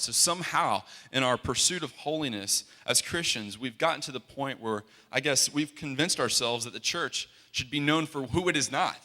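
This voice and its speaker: An earnest young man preaches in a big, reverberant hall, his bright, forceful voice ringing out over a PA microphone. He talks conversationally and often stumbles and restarts mid-sentence. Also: medium pitch, lively intonation, normal speed, few pauses. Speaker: worship leader and guest speaker. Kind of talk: sermon. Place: large hall.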